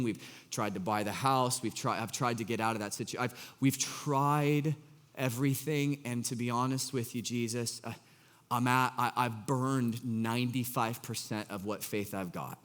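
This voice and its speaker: A man preaching a sermon as pastor, conversational and animated, with frequent restarts. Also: mid-range voice, big-room sound. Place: church auditorium.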